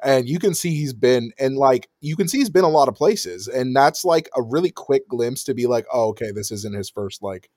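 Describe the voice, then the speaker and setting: A man co-hosting a casual movie podcast, relaxed, his voice trailing off softly. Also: medium pitch, moderate pace, hardly any pauses, dry recording, studio quality. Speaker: podcast co-host.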